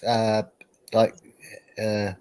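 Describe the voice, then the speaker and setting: Rambling New man, low voice. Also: monotone, very slow, a little mellow, smooth. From New Zealand. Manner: rambling, laughs often, many fillers. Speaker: host. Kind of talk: casual online group chat.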